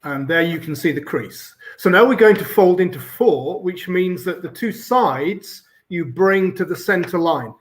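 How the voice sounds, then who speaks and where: English male guest, slightly high voice, patient instructor on a video call. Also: animated, unhurried, hardly any pauses. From England. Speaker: origami teacher guest. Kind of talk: live online tutorial.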